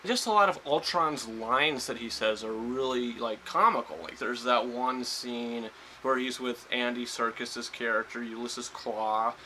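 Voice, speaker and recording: A man's voice: mid-range voice, measured pace, sharp tone, a little hiss or hum, rough recording. A man giving a casual spoiler review of a film, rambling with lots of fillers and restarts. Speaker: movie reviewer.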